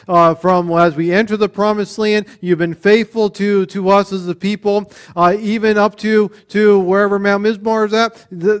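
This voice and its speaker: A man with a notably high speaking voice delivers a sermon in an earnest way. He often repeats words as he restarts a phrase. His delivery moves between quiet, low stretches and louder, emphatic ones. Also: smooth. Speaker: preacher.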